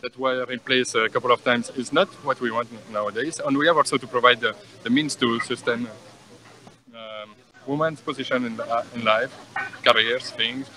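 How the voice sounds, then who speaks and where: A man with a French accent, interviewed outdoors on a university plaza, speaking haltingly and searching for English words with many fillers. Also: mid-range voice, steady tone, a crowd in the background, rough recording. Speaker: passerby being interviewed. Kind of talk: street debate interview.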